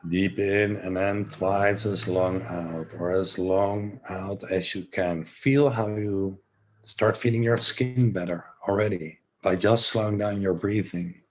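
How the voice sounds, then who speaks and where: A man from the Netherlands leading a guided breathing session, giving slow, soothing instructions with some relaxed, rambling asides. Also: low voice. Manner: relaxed, rambling, self-joking.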